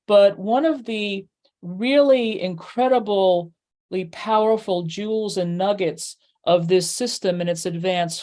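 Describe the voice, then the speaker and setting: A woman's voice: mid-range voice, a little mellow. A middle-aged woman teaching a numerology workshop in a chatty way, full of fillers and playful acted-out asides. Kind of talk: workshop lesson.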